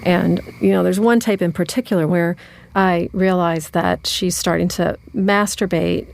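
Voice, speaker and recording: A woman's voice: on the low side, fairly even intonation, unhurried, gravelly, no room sound. A woman telling a personal story in a reflective, conversational way. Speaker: narrator. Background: music.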